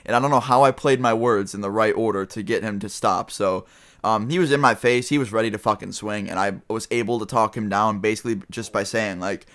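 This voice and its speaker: Young man, casual storytime vlog, rambling, swears a lot, lowish voice. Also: brisk, fairly bright tone. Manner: loose, rambling, heavy swearing and fillers. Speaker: vlogger.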